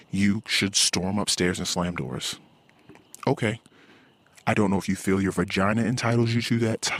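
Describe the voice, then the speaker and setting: Man ranting bluntly in a low voice. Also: no echo. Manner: blunt, profane, exasperated ranting. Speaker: anonymous podcast diarist. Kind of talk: recorded personal diary monologue.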